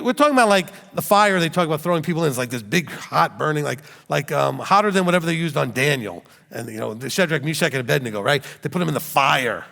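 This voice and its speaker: A man's voice: fairly high pitch, vocal fry, fairly bright tone. A middle-aged man teaching scripture as a rabbi, telling stories with laughs and rhetorical questions. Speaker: rabbi teaching a Bible study. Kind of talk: animated sermon teaching. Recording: long hall reverb.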